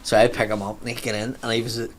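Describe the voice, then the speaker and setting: A man telling a lively, swearing anecdote in casual podcast chat, acting out the people he quotes. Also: medium pitch, rapid-fire, a little hiss or hum. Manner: animated, swearing storyteller who acts out quoted voices. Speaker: comedian, podcast co-talker.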